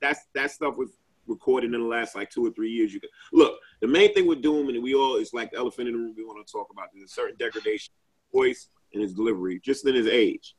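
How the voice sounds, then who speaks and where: A man's voice: medium pitch, fast, breathy edge, low-quality recording. A man in a casual group chat, talking at length with many fillers and restarts.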